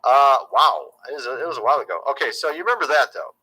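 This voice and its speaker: A man's voice: medium pitch, sing-song, very fast, sharp tone, slightly rough, low-quality recording. A man talking casually to his viewers as a YouTube commentator, chatty and conspiratorial, often calling them "folks".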